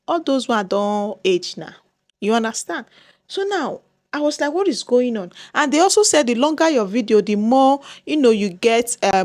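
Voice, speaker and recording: A woman's voice: a little high, no echo, studio quality. A woman with a Nigerian accent vlogging to her viewers, dramatic and exclaiming, often repeating herself. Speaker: YouTuber. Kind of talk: casual vlog talk to viewers.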